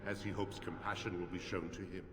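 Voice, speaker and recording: A man's voice: sits low, level tone, brisk, background noise, natural voice. A man voicing a somber, penitent ghost. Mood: remorseful. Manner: somber, remorseful, riddling. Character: penitent ghostly male sinner, remorseful. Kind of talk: game voice acting. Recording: long game reverb with ambience.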